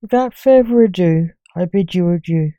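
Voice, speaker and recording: A woman storyteller reading a story aloud in a calm, even way. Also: fairly low pitch, normal speed, dry recording. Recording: dull lo-fi recording.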